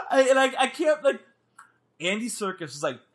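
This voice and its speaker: Animated high-pitched man chatting. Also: moderate pace, slight background noise. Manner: animated, laughing, mock-screaming. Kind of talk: casual movie chat.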